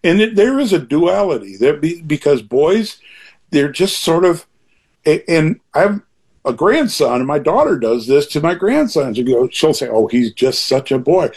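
Husky older man, lively musing. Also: fairly high pitch, a little slow. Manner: rambling, earnest, with frequent restarts. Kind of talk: reflective conversation.

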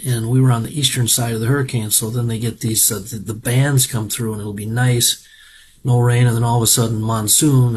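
Casual and folksy, a middle-aged man from Minnesota rambles through a spoken report on farm equipment auctions, regularly digressing. His voice is medium-pitched and slightly rough.

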